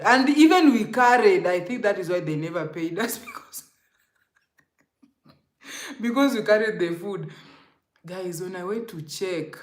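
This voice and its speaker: A woman's voice: deep voice, roomy sound. A Kenyan woman telling an emotional, rambling storytime to her viewers, often calling them guys. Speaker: vlogger. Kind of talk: storytime vlog.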